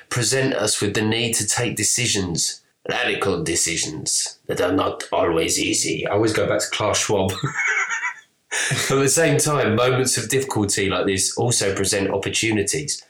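A man co-hosting a casual podcast, talking in an animated way, swearing and laughing as he reads quotes aloud. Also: on the low side, measured pace, roomy sound. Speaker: podcast co-host. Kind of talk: casual conspiracy podcast chat.

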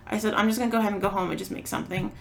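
A woman's voice: mid-range voice, steady tone, racing, vocal fry, slight background noise. A woman co-hosting a podcast, telling a story in casual chat, acting out quotes and swearing freely. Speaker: podcast co-host.

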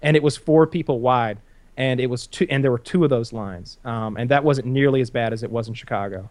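A man's voice: medium pitch, a little fast, a little mellow, no room sound. A man in casual conversation, talking in a rambling way with lots of restarts and blunt opinions. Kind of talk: casual chat.

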